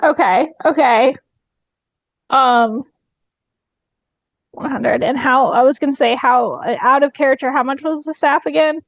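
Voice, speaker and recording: A woman's voice: high voice, unhurried, pauses often, no room sound, muffled recording. A woman playing a tabletop game, talking hesitantly with many fillers. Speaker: player. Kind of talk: casual tabletop game chat.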